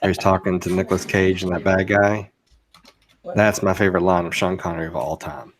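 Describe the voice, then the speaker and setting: A man's voice: deep voice, fairly quick. A man chatting on a live stream, telling stories with enthusiasm. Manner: animated, enthusiastic storyteller. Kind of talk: casual live-stream chat.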